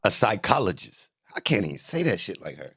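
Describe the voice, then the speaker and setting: A man streaming a reaction to a court video, joking loudly in profane slang. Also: sits low, big pitch swings, quick pace, slightly rough. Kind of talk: casual reaction commentary.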